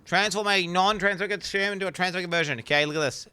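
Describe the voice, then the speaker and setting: A man streaming a video game, chatting casually with his viewers in an excitable, profane way. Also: high voice, fast talker, clean tone. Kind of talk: casual gaming commentary.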